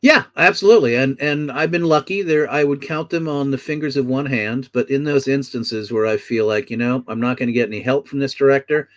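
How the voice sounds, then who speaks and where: A man's voice: mid-range voice, brisk, hardly any pauses. An older man, an actor guest, reflecting in a thoughtful, articulate and wry way during a casual interview.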